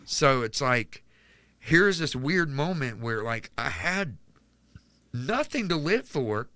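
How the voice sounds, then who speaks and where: A mid-range voice with big pitch swings, bright and forceful, comes through slowly with no echo. It belongs to a man from Charlotte, North Carolina, US, who as a podcast guest recounts his life story in a casual interview, candid and rambling, with heavy use of "like."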